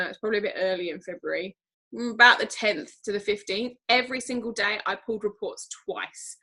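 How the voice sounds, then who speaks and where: A woman's voice: medium pitch, bright, forceful tone, low-quality recording. A woman from Britain talking candidly as an interview guest about leading her team, chatty and full of fillers. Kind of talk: casual interview talk.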